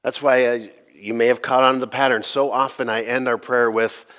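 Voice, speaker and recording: A man, a pastor, giving a sermon in a casual, joking, conversational way, his voice slightly gravelly from allergies. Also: medium pitch, flat delivery, brisk, fairly bright tone.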